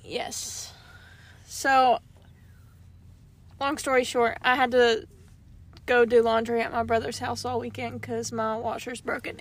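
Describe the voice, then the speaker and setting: A woman's voice: sits high, fairly bright tone. A woman co-hosting a casual podcast chat, telling a story with lots of laughter and acted-out dialogue. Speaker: podcast co-host.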